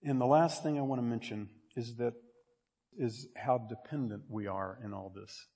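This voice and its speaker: A man preaching a sermon in a conversational way, repeating himself and building to loud, emphatic peaks. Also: medium pitch, fairly even intonation, moderate pace. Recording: long reverb of a large hall.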